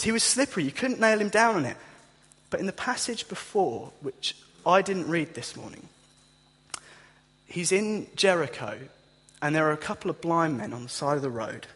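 Animated male preacher in a reverberant hall. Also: high voice, moderate pace. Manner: animated storytelling, acts out voices with humour. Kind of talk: sermon.

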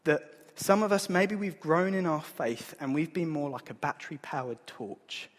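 A man, preaching a sermon in an earnest, conversational way, with a husky voice. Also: on the high side, animated, moderate pace. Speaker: pastor. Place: church hall. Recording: long hall reverb.

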